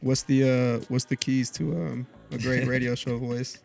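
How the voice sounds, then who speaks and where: A man's voice: medium pitch, fairly even intonation, moderate pace, creaky, a little mellow, faint music behind. A man hosting a podcast interview, casual and full of hype slang as he asks his questions.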